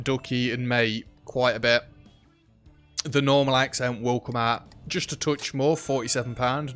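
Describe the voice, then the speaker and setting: A man's voice: medium pitch, a bit bright. A man chatting and joking through a shop management game, talking to the customers on screen. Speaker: gaming YouTuber. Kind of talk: let's play commentary.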